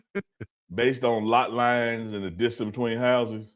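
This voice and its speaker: A man's voice: mid-range voice, steady tone, a little slow, dull audio. Teasing, laughing male co-host. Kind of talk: casual live-stream chat.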